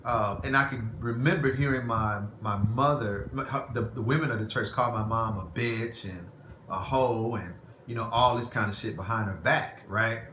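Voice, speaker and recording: A man's voice: mid-range voice, normal speed. A man vlogging, telling a personal story in a candid, rambling, conversational way. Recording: roomy echo, faint background noise.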